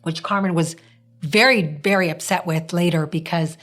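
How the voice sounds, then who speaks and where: A woman hosting a podcast, chatting casually and telling an animated story in which she acts out what people said. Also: fairly low pitch, moderate pace. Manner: animated storytelling, acting out quoted speech. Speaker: podcast host.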